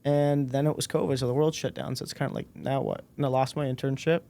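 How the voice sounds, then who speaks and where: A man in his twenties, a podcast guest, telling a personal story in a relaxed way and acting out the dialogue. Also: mid-range voice, fast, vocal fry. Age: 20s. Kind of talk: casual storytelling interview.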